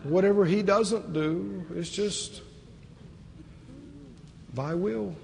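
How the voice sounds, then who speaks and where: A man from the American South with a Southern accent, preaching a lively sermon with rhetorical questions and acted-out voices. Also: high-pitched, very slow, gravelly, in a large hall, crowd noise.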